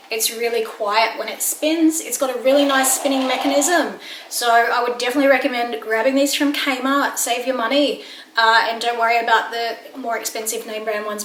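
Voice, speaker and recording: A woman's voice: fairly high pitch, a bit bright, a little hiss or hum. An Australian woman chatting casually and upbeat about home products she bought, filmed at home. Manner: chatty, upbeat product talk with light laughs. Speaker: home and lifestyle vlogger. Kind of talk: casual chat. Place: at home, indoors. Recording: echoey room, faint ambience.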